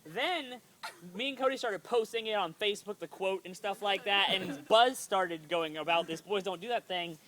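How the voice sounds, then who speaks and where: A woman's voice: medium pitch, moderate pace, fairly bright tone. A woman telling a funny family story in a casual vlog, giggling often and filling her talk with "like". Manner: giggly, lots of "like" fillers, acts out quotes. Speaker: vlogger. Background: friends chiming in and laughing.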